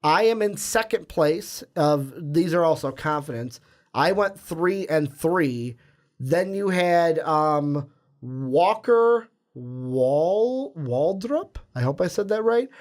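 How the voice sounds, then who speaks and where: A man's voice: on the high side, animated, unhurried. A man co-hosting a sports podcast, chatting casually and rambling, stumbling over names. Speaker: podcast co-host.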